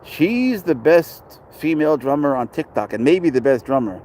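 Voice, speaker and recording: A man's voice: on the high side, sing-song, moderate pace, darkish tone, slight background noise. Chatty New man outdoors. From New York. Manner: rambling, chatty, talks to passers-by and chat. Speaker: pet owner vlogger. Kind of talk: casual chat. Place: outdoors at a city dog park.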